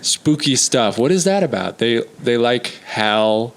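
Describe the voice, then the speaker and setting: A man with a baritone voice in a casual podcast conversation, asking curious questions in a laid-back, joking way. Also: expressive, measured pace.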